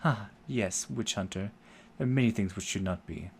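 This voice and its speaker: A man's voice: fairly low pitch, moderate pace, a little hiss or hum, natural voice. A man voicing a proud, bitter young enslaved woman who speaks curtly and keeps her guard up. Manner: curt and guarded.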